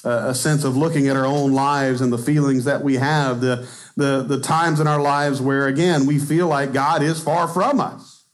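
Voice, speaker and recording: A man's voice: on the high side, fairly even intonation, moderate pace. A man in his thirties with a Texan accent, preaching a conversational sermon in a church and laughing at himself now and then. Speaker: pastor. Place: church sanctuary.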